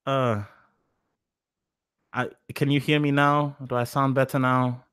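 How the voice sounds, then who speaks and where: A man's voice: medium pitch, little pitch movement, slow, fairly bright tone, clear, resonant tone, no room sound, studio quality. A young man in his twenties hosting a live stream, talking in a rambling, profane, self-mocking way on a cheap mic. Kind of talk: casual live stream chat. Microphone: cheap mic said to sound bad.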